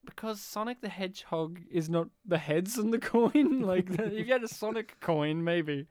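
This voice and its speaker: A man's voice: sits high, expressive, normal speed, a little mellow, no echo, studio quality. A man co-hosting a podcast, joking and swearing in casual banter. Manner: joking, swears freely, mock voices. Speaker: podcast co-host.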